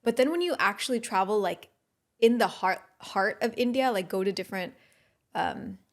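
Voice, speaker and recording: A woman co-hosting a podcast who talks thoughtfully and often pauses to search for words. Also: medium pitch, lively intonation. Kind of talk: casual podcast chat.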